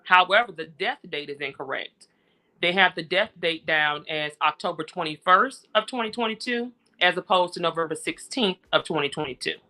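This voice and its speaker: A woman with a bright, forceful voice tells her story as an interview guest. She sounds worn down and frustrated, and she retells each exchange steadily and in detail. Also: lowish voice, normal speed. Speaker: interview guest, grieving mother. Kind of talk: personal account in conversation.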